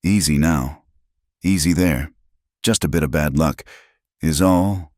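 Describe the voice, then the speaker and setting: A man doing a calm frontier woman. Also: takes it slowly, no room sound, studio quality. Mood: soothing. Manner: low, calm coaxing. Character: determined young frontier woman, calm and steady. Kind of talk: storybook narration.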